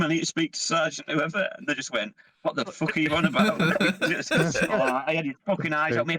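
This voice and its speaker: A man's voice: a little high, pushed and bright, dry recording. Sweary man telling army stories. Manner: sweary, laughing storyteller. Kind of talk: casual chat, swapping army stories.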